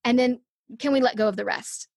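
A woman's voice: on the high side, a little fast, gravelly, darkish tone, no echo, studio quality. A middle-aged woman, a podcast guest, telling a personal story in a conversational interview and acting out her own thoughts.

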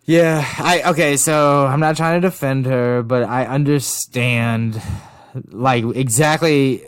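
A man co-hosting a podcast in laid-back casual chat, hesitant and often pausing with fillers. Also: medium pitch, clean tone, no echo, clean studio sound. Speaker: podcast co-host.

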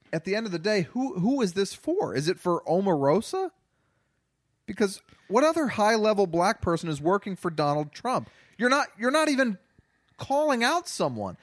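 A man co-hosting a movie podcast, talking casually and ranting in an animated, exasperated way. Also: a little high, dry recording. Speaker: podcast co-host reviewing movies. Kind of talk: casual chat.

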